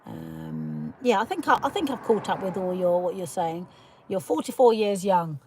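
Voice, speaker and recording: A woman's voice: fairly low pitch, very animated, normal speed, dark tone, slight background noise. A woman hosting a casual livestream, rambling through her opinions, laughing often and greeting viewers as she reads their comments. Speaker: livestream host reading chat comments.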